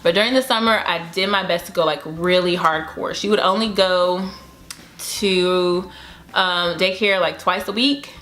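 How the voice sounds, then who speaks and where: A woman's voice: lowish voice, fairly even intonation, moderate pace, fairly bright tone. A young woman talking casually about raising her toddler in a home vlog, chatty and upbeat, with cheering bursts. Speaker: mom vlogger.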